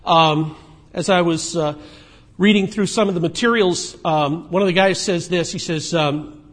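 A man preaching a sermon in a conversational way, moving between emphatic points and quiet asides. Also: fairly high pitch, measured pace. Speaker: pastor.

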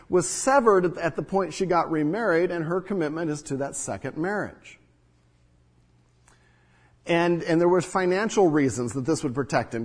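A man delivers a sermon with a slightly higher-than-average, husky voice. He teaches earnestly and poses rhetorical questions to the congregation. His words ring out with a long reverb off the walls of a large church hall. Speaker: pastor.

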